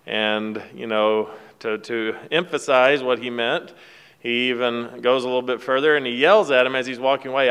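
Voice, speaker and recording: In a casual devotional talk, a man retells a film scene in a folksy, rambling way full of fillers and restarts. His medium-pitched voice is steady, smooth and a bit bright, moving at a moderate pace. Long hall reverb surrounds the recording.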